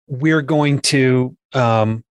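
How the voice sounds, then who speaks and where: A man's voice: mid-range voice, drawn-out words, clear, resonant tone, no echo. Man chatting casually, dry recording. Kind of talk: casual podcast chat.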